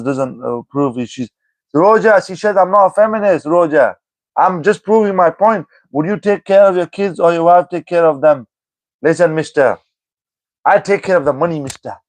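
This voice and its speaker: A man's voice: a little high, no room sound. A man live-streaming and replying to chat comments, teasing the viewers and calling them by name over and over. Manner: teasing, repeats commenters' names, keeps saying "you know what I mean".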